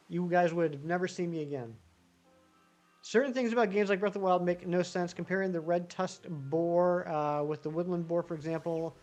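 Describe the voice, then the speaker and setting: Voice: medium pitch, darkish tone. Chatty streamer rambling to chat. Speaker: live-streaming gamer. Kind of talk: casual live-stream chat with viewers.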